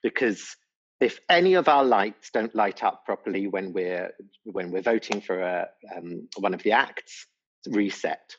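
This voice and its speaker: A man's voice: lowish voice, unhurried, a bit bright, lo-fi sound. A man who judges a TV talent show, telling a rambling, chatty behind-the-scenes story with lots of restarts. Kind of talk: casual interview anecdote.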